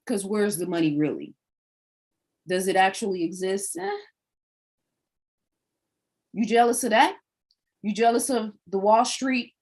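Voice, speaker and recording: A woman's voice: mid-range voice, animated, a little slow, pauses often, darkish tone. A woman hosting a livestream, delivering a preachy monologue full of rhetorical questions. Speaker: livestream host.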